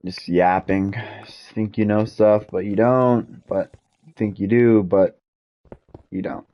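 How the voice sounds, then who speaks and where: A man's voice: on the low side, steady tone, takes it slowly, highs cut off. A man streaming a game while venting in a frustrated, repetitive rant. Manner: frustrated ranting, repetitive, swears mildly. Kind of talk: casual gaming stream rant.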